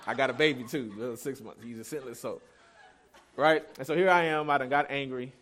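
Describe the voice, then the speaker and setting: A man's voice: mid-range voice, a little fast, fairly bright tone. A man in his thirties preaching a sermon as pastor, telling a family story in a candid, self-deprecating, conversational way.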